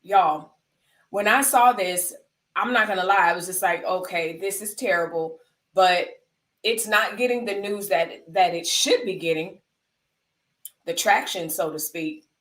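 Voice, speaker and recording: A woman's voice: medium pitch, a little slow, fairly bright tone, distant mic. A woman from the United States hosts a live stream, talking through the news with her chat. She is emphatic and conversational, and she comes back to her points for stress. Her mid-range voice sounds roomy and sits away from the mic.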